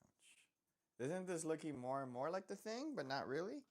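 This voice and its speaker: A man's voice: on the high side, sing-song, normal speed. A man chatting casually while drawing on a live stream, rambling and self-deprecating, often trailing off into mutters.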